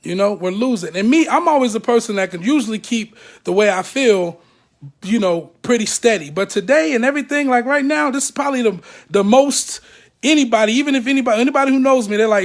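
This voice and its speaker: Guy with a really high voice ranting to the cam, blunt and worked up. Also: quick pace. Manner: animated, acts out other people's words; blunt and profane. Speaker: ex-member speaking out. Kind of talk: emotional talk to camera.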